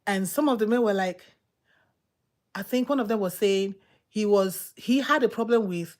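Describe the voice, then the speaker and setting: Emphatic woman preaching a sermon. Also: medium pitch. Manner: emphatic, repetitive, exhorting.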